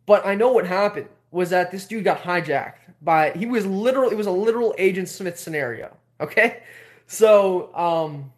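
A young man telling a story on a live stream, animated, swearing and repeating himself. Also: sits high, normal speed. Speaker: host.

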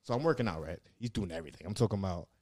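Deep-voiced guy rambling thru a story, cussing a lot, dry close sound. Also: lively intonation, very fast, darkish tone, no echo. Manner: laid-back, swears a lot, lots of fillers. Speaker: guest telling stories. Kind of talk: casual storytelling.

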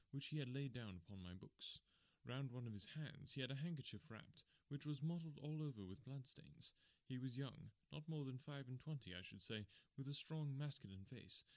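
A man narrates a storybook in a measured, even manner. His voice sits at a middle pitch and the sound is dry and close. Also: dry recording. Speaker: audiobook narrator.

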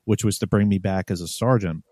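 A man's voice: lowish voice, a little fast, darkish tone, breathy edge, no room sound. A man, a former police sergeant, telling his story in a casual interview, blunt and profane, often restarting his sentences. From New York. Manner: blunt, profane, heated retelling with many restarts.

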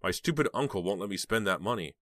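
A man's voice: lowish voice, lively intonation, quick pace, fairly bright tone, dry recording, studio quality. A man voicing a resentful teenage girl working as a waitress, glum and complaining.

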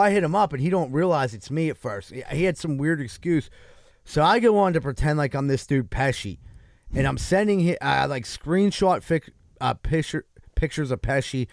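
A man's voice: fairly high pitch, dry recording. A man telling a long, profane, rambling story on a podcast and laughing at his own jokes. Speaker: podcast co-host. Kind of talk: casual storytelling.

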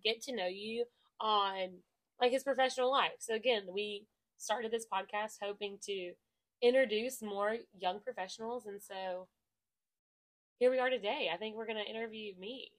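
A woman's voice: fairly high pitch, normal speed, a bit bright. A young woman co-hosting a casual podcast and answering questions about her cheer coaching, talking in an upbeat, chatty way with lots of "like" fillers and frequent laughs.

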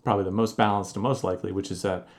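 Low-voiced man co-hosting a podcast. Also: fairly even intonation. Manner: measured, explanatory, thinks aloud with fillers. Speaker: podcast co-host. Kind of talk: casual sports podcast chat.

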